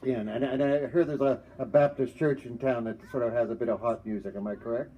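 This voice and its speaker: A man's voice: mid-range voice, steady tone, fast, dull audio. A Canadian man hosting a casual interview on a front porch, friendly and often stumbling over repeated words. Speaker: talk show host.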